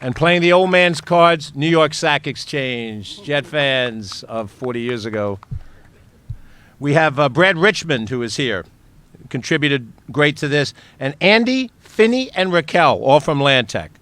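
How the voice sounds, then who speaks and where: At an outdoor stadium ceremony, a county executive reads out a list of people and thanks each of them. His voice is on the high side, expressive, a bit bright and clean, at a measured pace.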